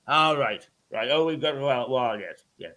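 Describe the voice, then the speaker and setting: A man presenting a radio show in a casual chat, talking haltingly with many restarts and chuckles. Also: mid-range voice, animated, pushed and bright.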